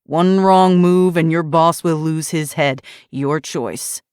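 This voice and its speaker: A woman's voice: deep voice, takes it slowly, a little mellow, smooth, dry recording, clean studio sound. Woman voicing a tense, determined armed man. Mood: threatening. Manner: clipped, threatening commands.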